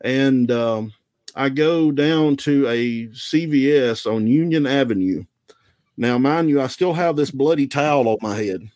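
A man from the American South, a former wrestler, telling stories in a relaxed, rambling, self-deprecating way. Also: medium pitch, unhurried, no room sound. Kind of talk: casual storytelling.

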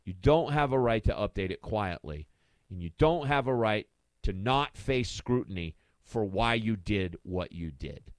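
A man's voice: fairly low pitch, animated, a little slow, dry recording. A man hosting a talk radio show, delivering an impassioned, rhetorical monologue and hammering home his points with repeated questions from a studio microphone.

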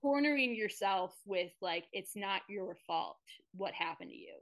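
A woman's voice: medium pitch, lively intonation. A young woman in casual podcast chat, earnest and rambling as she opens up. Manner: earnest, rambling, quick to open up. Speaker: podcast guest.

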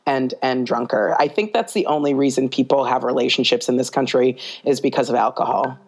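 A woman with a notably deep, low voice talks casually as a podcast guest. She rambles through asides full of fillers and breaks into laughter often. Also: fairly quick. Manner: chatty and animated, laughs often. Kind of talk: casual conversation.

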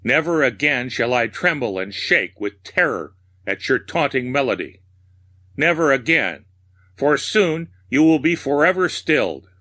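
A man voicing a raving madman who shrieks curses at a clock in a high, thin, piercing voice. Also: big pitch swings, a little slow, bright, forceful tone, no room sound, full character voice. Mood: frenzied, raving.

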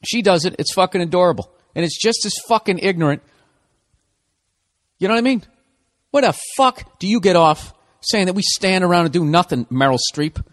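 Man ranting, loud then muttering. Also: lively intonation, a little fast. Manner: ranting, swings from loud outbursts to low mutters. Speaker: podcast host. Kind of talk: profane comedic rant.

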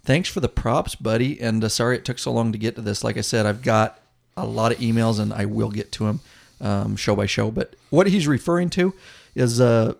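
Gravelly laid-back man hosting a podcast. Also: medium pitch, a little fast. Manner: laid-back, jokey, says dude a lot. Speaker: podcast host. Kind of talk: casual chat.

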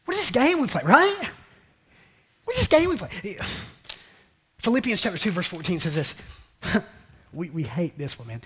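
Lively, bright-voiced preacher man. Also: normal speed, pauses often, breathy edge. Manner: animated preaching, acting out a grumbling believer in a higher voice; addresses congregation as family and beloved. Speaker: pastor. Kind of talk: sermon.

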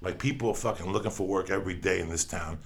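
A man hosting a casual, crude podcast chat, telling stories in a profane, animated way. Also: low-pitched, fast talker, gravelly.

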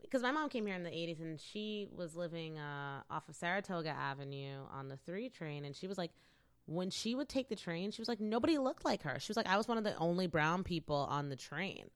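A young woman, chatting casually with quick asides and lots of fillers. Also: fairly low pitch, expressive, clear, resonant tone, dry recording, studio quality. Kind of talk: casual chat.

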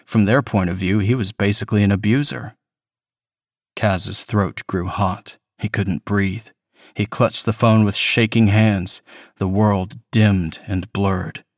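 A man reading a horror story as scripted narration, measured and even. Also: on the low side, dry recording, clean studio sound. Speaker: reader.

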